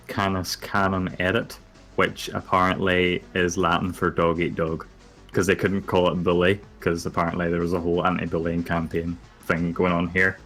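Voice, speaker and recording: Deep-voiced young man. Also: fairly bright tone. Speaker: podcast co-host. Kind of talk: casual chat.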